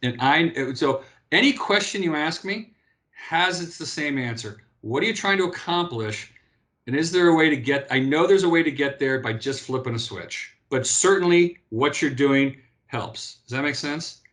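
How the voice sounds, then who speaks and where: A man in his fifties talks in a fairly high voice as an interview guest. He tells stories animatedly, restarting sentences and tagging them with "right?". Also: moderate pace. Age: 50s. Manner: animated storyteller, frequent restarts and "right?" tags. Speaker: guest, former pro beach volleyball player. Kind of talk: casual interview talk.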